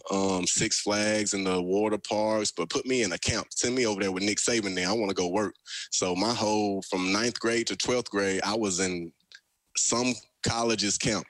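A young man, a football player telling stories in a casual radio interview, energetic and quick to laugh. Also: on the low side, dry recording, low-quality recording. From Alabama, US South. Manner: energetic storyteller, laughs often.

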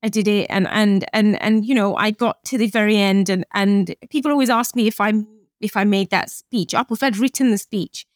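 A woman's voice: mid-range voice, moderate pace, no echo. British woman in her late 30s, chatty guest on a podcast, plays out the dialogue in her stories, dry close sound. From Britain. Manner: animated storytelling, acts out quoted dialogue. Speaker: guest, chef and author. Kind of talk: conversational podcast interview.

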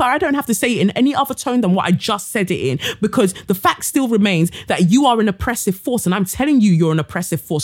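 Casting: outspoken London woman podcast host, blunt and fired up. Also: fairly high pitch. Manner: blunt, indignant, swears freely. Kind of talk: ranting monologue.

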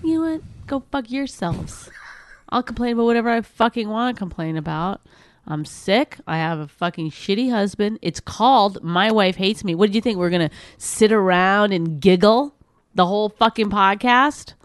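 A woman's voice: mid-range voice, animated, normal speed, dry recording. Woman, podcast co-host, blunt, sarcastic, swears a lot, dry close mic. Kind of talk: casual bickering chat.

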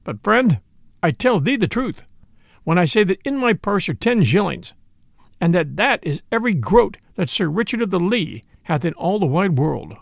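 A proud but poor knight, grave and sorrowful, as a male storyteller plays him, speaking in solemn, formal old-fashioned phrases. The voice is high and lively, with a gravelly texture in a dry, close sound. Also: moderate pace, no echo, full character voice. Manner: solemn, formal archaic speech.

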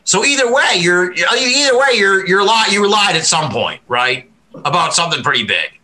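A man with a very bright, keen voice that sits a little high, talking on a casual podcast. He rambles and restarts his sentences, swears freely and laughs often as he makes his point. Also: sing-song, moderate pace, poor audio.

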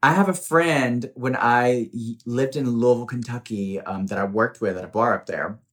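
A man hosting a podcast as a drag queen, chatty and animated, laughing often. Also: mid-range voice, normal speed. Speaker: podcast host. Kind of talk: casual chat.

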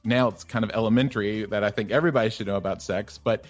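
A middle-aged man from the American South, a sex therapist guest on a podcast, telling relaxed stories with lots of fillers. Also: lowish voice, quick pace, soft background music. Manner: relaxed storytelling, filler-heavy. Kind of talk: conversational podcast interview.

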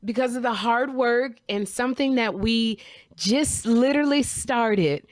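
Casting: middle-aged woman, fairly high voice, gushing podcast co-host, dry close sound. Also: measured pace, no echo. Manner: excitable, gushing exclamations. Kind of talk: casual chat.

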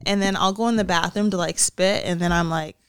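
A woman's voice: lowish voice, fairly even intonation, a little fast, clean tone, dry recording, studio quality. A pregnant young woman co-hosting a podcast, chatting candidly about her week and laughing often. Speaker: podcast co-host. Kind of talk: casual chat.

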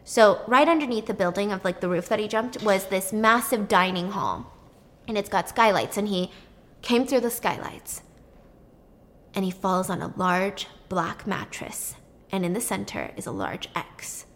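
A woman casually retelling a film's plot in an animated, chatty way, swearing freely. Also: mid-range voice, a little slow. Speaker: storyteller. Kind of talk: casual movie plot recap.

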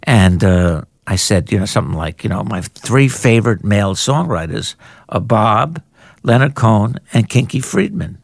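Gravelly older man telling stories. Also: normal speed, dry recording, studio quality. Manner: animated raconteur, jumps into high-pitched voices for quoted people. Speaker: author and journalist guest. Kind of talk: anecdotal storytelling in a podcast conversation.

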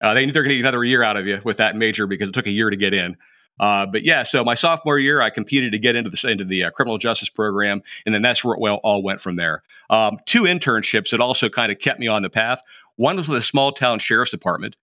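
Fast-talking middle-aged man, rambling storyteller. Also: on the low side, dry recording, muffled recording. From Appalachian edge of Pennsylvania. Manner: rambling, self-correcting, animated storyteller. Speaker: podcast guest, retired drug agent. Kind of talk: casual storytelling interview.

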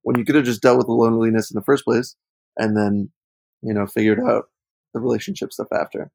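A man's voice: mid-range voice, steady tone, a little fast, gravelly, darkish tone, no echo, poor audio. A man in his thirties co-hosting a casual podcast, talking in a reflective, frank way with plenty of "like" fillers. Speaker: podcast co-host.

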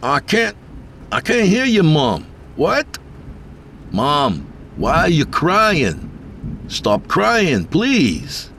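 A man's voice: a little high, wildly swooping pitch, drawn-out words, vocal fry, a bit bright, a little hiss or hum, pitched above the performer's own voice, heavily acted. A man voicing a frightened young man on a phone call to his mother, anxious and pleading.

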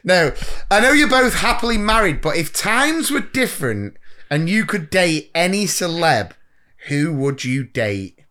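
A man's voice: a little high, very animated, a little slow, sharp tone. A middle-aged man co-hosting a podcast in casual chat, joking and teasing, laughing often. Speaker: podcast co-host.

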